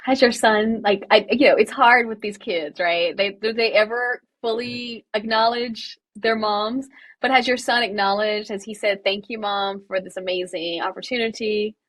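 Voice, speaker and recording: A woman's voice: medium pitch, fairly even intonation, moderate pace, fairly bright tone. A woman hosting an interview podcast, affirming her guest and building long, winding questions. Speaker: podcast host. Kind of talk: casual interview.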